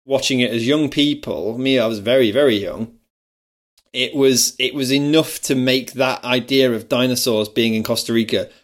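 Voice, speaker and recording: A man talks through films with his podcast co-host in relaxed, chatty conversation. His voice sits in a middle pitch, and he laughs easily as he goes. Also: normal speed. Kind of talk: casual film discussion.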